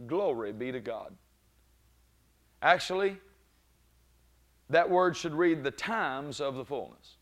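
A man preaching a sermon, moving between calm teaching and loud exclaiming peaks, often breaking in with praise. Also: fairly high pitch, takes it slowly, long pauses. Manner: frequent "glory be to God" interjections.

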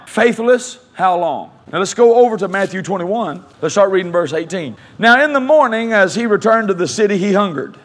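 A pastor with a high, slightly bright voice preaches a sermon, reading scripture aloud and slowing down to stress key phrases. He leads his congregation in call-and-response.

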